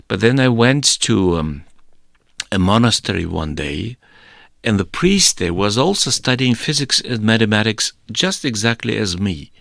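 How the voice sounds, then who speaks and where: Gravelly man telling a testimony. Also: fairly low pitch, no room sound, clean studio sound. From Soviet Union. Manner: hesitant, many fillers and restarts, animated storytelling. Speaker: speaker giving testimony. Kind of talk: personal testimony storytelling.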